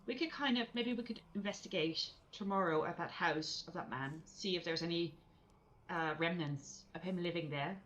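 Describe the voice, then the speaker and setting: A woman's voice: lowish voice, moderate pace, a bit bright, muffled recording, a little hiss or hum. A woman playing a tabletop role-playing game, talking casually and thinking aloud with frequent laughs. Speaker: player.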